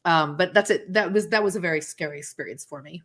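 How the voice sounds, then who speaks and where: A woman guest on a talk show who tells stories in a casual, animated way and acts out the voices of people she quotes. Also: lowish voice, fast talker. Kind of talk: casual interview storytelling.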